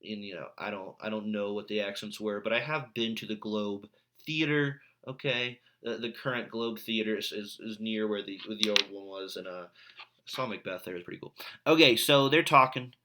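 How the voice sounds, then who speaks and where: A man's voice: on the low side, moderate pace, bright, forceful tone. A man recording a video lesson for his English class, talking in a casual, chatty way with mild sarcasm. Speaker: English teacher.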